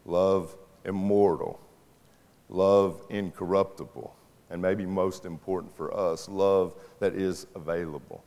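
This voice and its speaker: A man preaching a sermon as pastor, swinging between rising intensity and quiet emphatic drops. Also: lowish voice. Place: church sanctuary. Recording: long church hall reverb.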